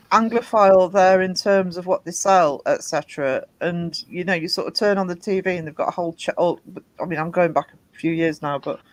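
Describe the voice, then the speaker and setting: A high-pitched man hosts a casual livestream chat. He talks haltingly, with many ums and restarts. The sound is close and dry. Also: no room sound, poor audio. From Britain. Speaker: host.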